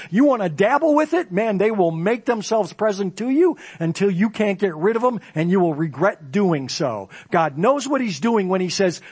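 High-voiced, slow-preaching man. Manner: expository preaching with dramatic scripture reading. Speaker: pastor. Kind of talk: sermon.

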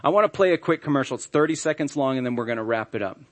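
A man's voice: mid-range voice, animated, very fast. A middle-aged man, a pastor, preaching a sermon in a church in a conversational, humorous storytelling way. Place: church sanctuary.

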